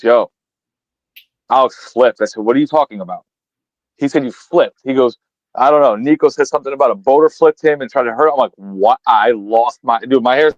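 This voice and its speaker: A man's voice: mid-range voice, no room sound, dull audio. A man with a New England accent co-hosting a fishing podcast, retelling phone calls in an emphatic, profane casual chat. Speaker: podcast co-host.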